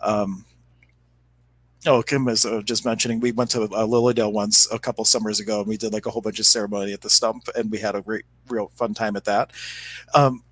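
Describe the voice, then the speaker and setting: A man co-hosting a spiritual podcast, chatting casually and retelling a fable in a relaxed, animated way. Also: on the low side, a little fast, breathy edge, rough recording. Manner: relaxed, animated storyteller with fillers. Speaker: podcast co-host. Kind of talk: casual spiritual chat and storytelling.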